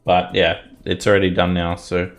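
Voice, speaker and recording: A man narrating a tabletop game as game master, playful and quick to laugh. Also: deep voice, completely flat delivery, soft background music. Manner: playful, laughing narration with shouted character lines. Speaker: dungeon master.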